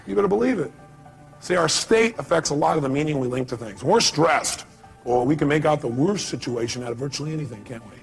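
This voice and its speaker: A man's voice: a little high, expressive, fast, gravelly, faint music behind. A man giving a motivational seminar talk, emphatic, firing rhetorical questions at his audience. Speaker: motivational speaker.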